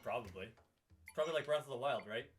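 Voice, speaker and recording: A man's voice: mid-range voice, lively intonation, fast talker, soft background music. A man co-hosting a live game stream, chatting casually and rambling between topics. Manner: rambling, fond of quoting characters in put-on voices. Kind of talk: casual gaming chat.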